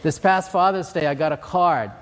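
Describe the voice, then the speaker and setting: An older man from Hawaii preaches, his voice sitting a little high for a man. He talks in an earnest, measured way, moving through stories and scripture. The sound carries a long, ringing reverb from a big hall. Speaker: pastor. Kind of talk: sermon.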